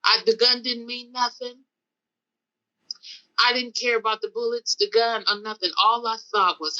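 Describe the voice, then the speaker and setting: Animated female podcast guest with a bright voice and a lively, storytelling delivery, on a dull lo-fi recording. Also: on the high side, a little slow, pauses often. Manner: animated, vivid retelling with acted-out dialogue. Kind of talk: casual storytelling in an interview.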